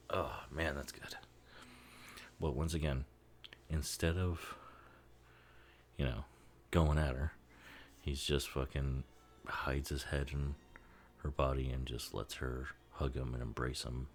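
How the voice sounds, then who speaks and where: A man's voice: very deep voice, fairly even intonation, slow, pauses often. A man giving a casual, rambling commentary over a film, laughing often and swearing freely. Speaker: movie commentary host.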